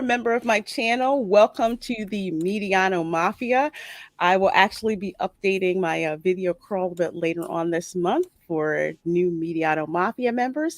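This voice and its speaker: A woman's voice: medium pitch, no room sound. Lady hosting a chill home stream, reads out chat, laughs a lot, dead dry mic. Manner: reads viewer comments aloud, laughs often. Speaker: talk show host. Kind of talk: casual live-stream chat. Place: home in suburban Philadelphia.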